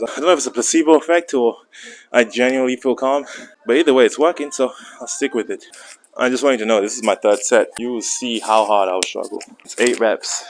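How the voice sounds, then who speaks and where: Breathless gym vlogger, joking. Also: male voice, mid-range voice. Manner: joking, chatty coaching asides. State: out of breath between sets. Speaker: fitness vlogger. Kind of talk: casual vlog commentary. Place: indoor private gym.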